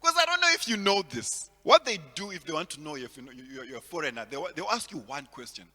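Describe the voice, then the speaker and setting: Man, stand-up comedian, from Zimbabwe, high bright voice, very animated, long hall reverb. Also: quick pace. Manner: animated storytelling, acts out characters with big swings in loudness. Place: large hall at a virtual event.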